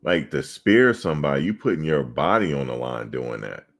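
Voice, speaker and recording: A man's voice: extremely low pitch, expressive, normal speed. A man, swapping loose, profane football stories in casual sports chat. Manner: loose, profane storytelling with laughter. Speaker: podcast co-host.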